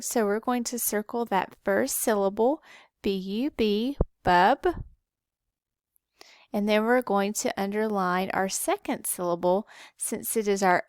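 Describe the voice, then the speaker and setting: A woman teaching a spelling lesson, who spells words out letter by letter slowly and patiently. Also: mid-range voice, no room sound, studio quality. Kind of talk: slow, careful spelling lesson.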